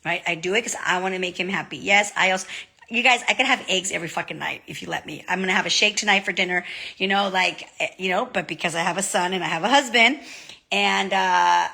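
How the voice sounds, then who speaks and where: Woman, 30s, vlogger; casual, chatty, bright tone, playful quoting. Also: on the low side, fast, creaky. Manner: chatty, animated, acts out quotes. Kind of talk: casual chat to camera.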